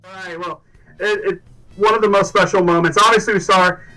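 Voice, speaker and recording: A man's voice: high-pitched, fairly even intonation, fairly quick, sharp tone, far from the mic, faint music behind, low-quality recording. A man hosting a casual livestream, upbeat and rambling, with lots of fillers and restarts. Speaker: livestream host.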